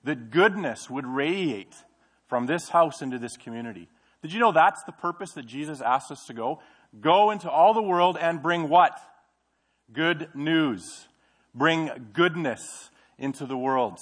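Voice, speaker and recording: A middle-aged male pastor preaching a sermon in a church, in a conversational way, asking the congregation questions. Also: mid-range voice. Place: church sanctuary.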